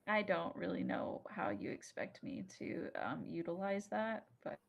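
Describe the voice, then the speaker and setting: A woman playing a tabletop game, animated and a little hesitant. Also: on the low side, normal speed, vocal fry. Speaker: player.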